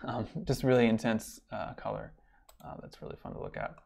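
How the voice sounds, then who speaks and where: A college instructor teaches a class online in a loose, rambling, casual lecture full of fillers and restarts. He speaks briskly in a fairly low, fairly even voice that is a little mellow, with vocal fry.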